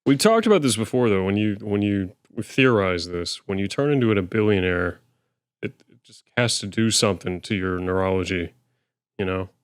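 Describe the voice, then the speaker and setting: A man's voice: fairly low pitch, animated, moderate pace, clear, resonant tone, no echo, clean studio sound. A man co-hosting a podcast, musing wryly in casual banter. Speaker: podcast co-host.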